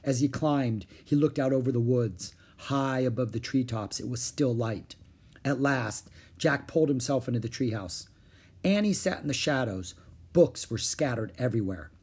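A man reading a children's chapter book aloud in an expressive storytelling way. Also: medium pitch, normal speed, husky. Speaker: storybook reader.

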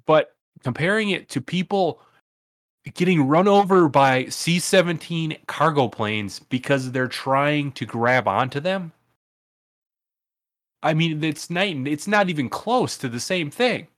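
A man's voice: on the high side, unhurried. A man co-hosting a casual political podcast, talking bluntly, getting heated and swearing. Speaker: podcast co-host.

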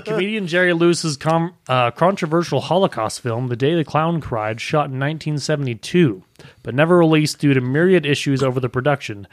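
A man's voice: fairly high pitch, dry recording. A man co-hosting a comedy podcast, reading news items aloud and tripping over his words. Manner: reads aloud haltingly, stumbling over words. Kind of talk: casual comedic podcast banter.

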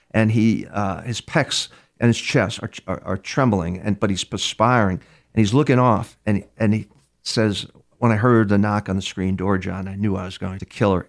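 A man's voice: lowish voice, creaky. An older man from New York, a criminal profiler, bluntly telling a long story in an interview and acting out the dialogue. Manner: blunt, restarts often, acts out quoted dialogue.

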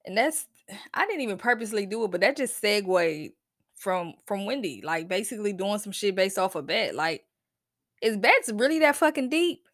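A woman's voice: mid-range voice, animated, normal speed, fairly bright tone, dry recording. A woman hosts her podcast in a loose, casual chat, her voice bouncing widely up and down as she rants. She swears freely, sounds fed up and keeps breaking off into sighs and laughter. The recording is dry and close, with no room sound. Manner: profane, exasperated, laughs and sighs often. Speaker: podcast host.

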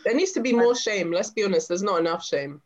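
A woman's voice: medium pitch, lively intonation, quick pace, a crowd in the background. A young woman telling a story in casual chat, acting out other people's voices. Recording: slightly dull lo-fi sound.

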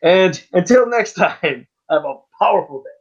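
A man co-hosting a casual podcast chat over a remote call, animated and self-conscious. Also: high-pitched, moderate pace. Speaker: podcast co-host. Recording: dull lo-fi remote audio.

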